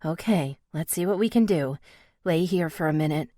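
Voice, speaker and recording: Low-voiced female audiobook narrator. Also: normal speed, dark tone, dry recording, clean studio sound. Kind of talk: first-person romance audiobook narration.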